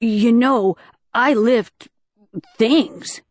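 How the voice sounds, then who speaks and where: A woman's voice: fairly high pitch, drawn-out words, no room sound, clean studio sound. A woman voicing an awkward, smitten teenage boy in an audiobook, eager and fumbling.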